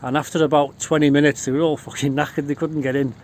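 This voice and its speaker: A man's voice: a little high, level tone, quick pace, a little mellow, a little hiss or hum. Swearing Liverpool man spinning yarns. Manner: swears constantly, rowdy and boastful. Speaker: vlogger telling stories. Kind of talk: casual storytelling.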